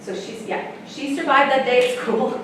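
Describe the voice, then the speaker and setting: A woman, a sex educator, giving a chatty, animated talk to parents and often laughing. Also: high voice, normal speed, crowd noise. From United States. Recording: echoey room, mic far off, faint ambience.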